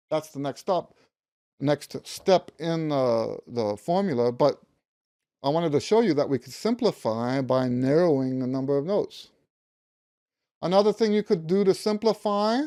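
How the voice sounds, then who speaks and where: A man's voice: fairly high pitch, animated, normal speed, warm tone. A man in his fifties teaching a practice method, stressing key words and humming notes as he explains. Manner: emphatic, repeats key words, hums note syllables. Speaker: music teacher. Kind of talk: instructional talk to camera.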